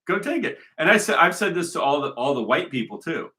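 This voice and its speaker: A man's voice: on the high side, expressive, fast talker, bright, forceful tone. A man giving a rambling, argumentative monologue, talking emphatically and repeating himself. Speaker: commentator.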